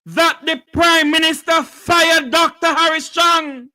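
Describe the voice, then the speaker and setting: Fiery high-voiced Jamaican man, shouting. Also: steady tone, takes it slowly, poor audio. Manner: fiery, declamatory, often shouting. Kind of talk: impassioned political speech.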